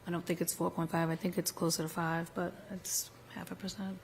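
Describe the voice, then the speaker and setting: A woman's voice: lowish voice, little pitch movement, brisk, gravelly, a little hiss or hum. A woman on a town board asking matter-of-fact questions about budget figures. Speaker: board member. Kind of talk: meeting discussion.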